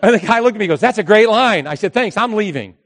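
High-pitched middle-aged guy telling a story to a crowd, animated, keeps repeating his catchphrase. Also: quick pace. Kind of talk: storytelling talk to an audience.

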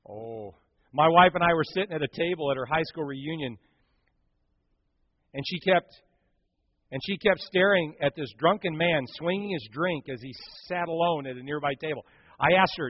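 A middle-aged man preaching a sermon, reading jokes aloud with animated, playful delivery. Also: a little high, normal speed, no room sound, dull audio. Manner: jokey, animated storytelling with punchlines. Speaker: pastor. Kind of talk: sermon with humor.

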